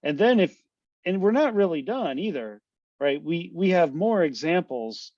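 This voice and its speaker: A man giving a relaxed online university lecture, his voice sitting a little high for a man. He talks loosely and conversationally, tacking "right?" onto his points. The audio is dry and slightly dull, as if captured through a video call. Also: measured pace, no room sound. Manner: loose, conversational, full of tag questions. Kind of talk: casual online class lecture.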